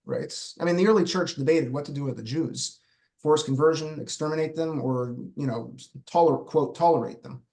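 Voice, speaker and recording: A man's voice: fairly high pitch, normal speed, a little mellow. A man hosting a podcast interview, chatting casually in loose, filler-heavy fragments. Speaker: podcast host.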